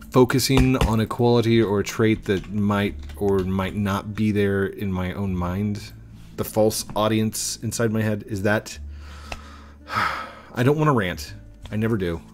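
A man hosting a gaming video, rambling and joking with other players in casual commentary. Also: on the low side.

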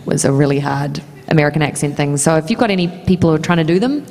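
A woman's voice: low voice, fast talker, hardly any pauses, darkish tone. A woman with a New Zealand accent speaking casually as a guest on a convention panel, chatty and laughing often. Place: large convention hall. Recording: reverberant convention hall PA.

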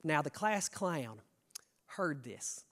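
A young Kentucky pastor with a Kentucky accent preaches to his congregation in a folksy, animated style, addressing them directly. His voice is a little high and his delivery slow.

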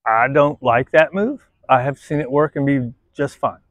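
A male dog trainer giving casual, on-the-spot commentary while he works a dog, blunt and quick to swear, tagging his points with "right?" and switching to a high coaxing voice for the dog. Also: no room sound. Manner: blunt, tags sentences with "right?", swears freely; coaxes the dog in a much higher voice between explanations. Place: outdoors at a playground jungle gym.

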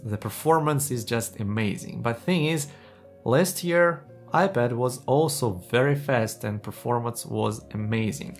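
A man's voice: medium pitch, measured pace, faint music behind. A man talking to camera in a casual tech vlog, earnest and enthusiastic, with slightly non-native phrasing. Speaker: tech YouTuber.

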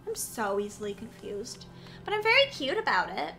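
Woman streamer, silly and animated, high pitch, casual gaming chat. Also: moderate pace. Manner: playful, silly, talks to chat.

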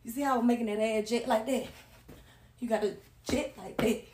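A woman's voice: on the high side, fairly even intonation, brisk, a little mellow, echoey room, a little hiss or hum. A woman in a brash, profane, bossy rant, talking through a dance demonstration. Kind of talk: casual rant and dance demo.

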